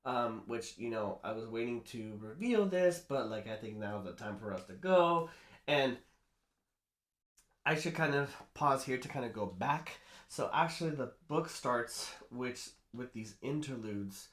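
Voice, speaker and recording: A man's voice: mid-range voice, animated, a little slow, a bit bright. A man nervously recapping a horror novel in a casual chatty way, rambling with lots of fillers and restarts. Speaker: book reviewer doing makeup. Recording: roomy echo.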